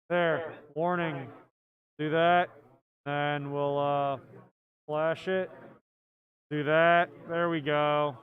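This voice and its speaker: Man, live tournament commentator, chatty, a bit higher voice. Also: little pitch movement, drawn-out words, long pauses, narrow, tinny audio. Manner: chatty, often laughing. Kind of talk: live card game commentary.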